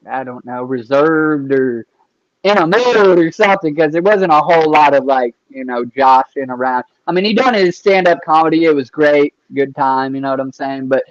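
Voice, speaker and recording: A man hosting a casual interview, talking loosely with easy profanity and shout-outs to viewers. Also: a little high, no room sound, highs cut off. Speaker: podcast interviewer.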